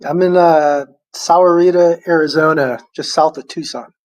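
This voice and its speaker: An older man from Chicago, a former athlete, answering interview questions in a relaxed, easygoing way with a general American accent. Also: a little high, moderate pace. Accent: general American, lost his Chicago accent. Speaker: guest, former baseball player.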